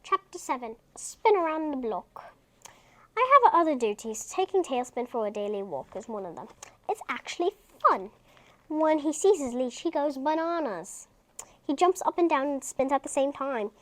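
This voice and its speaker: A woman's voice: high-pitched, expressive, normal speed, fairly bright tone. A woman reading a children's book aloud, breaking off into chatty asides.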